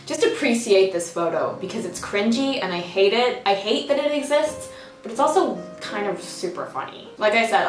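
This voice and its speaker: A woman's voice: a little high, roomy sound, far from the mic. A young woman talking casually to camera as a vlogger, emotional and self-mocking, with frequent swearing. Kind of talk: casual vlog chat.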